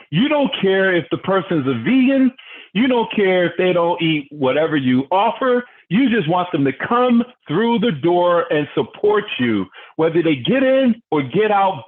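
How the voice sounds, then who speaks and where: A man leading a motivational business training call, fired up and preachy, often putting questions to his listeners. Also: high voice. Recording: tinny phone-line audio.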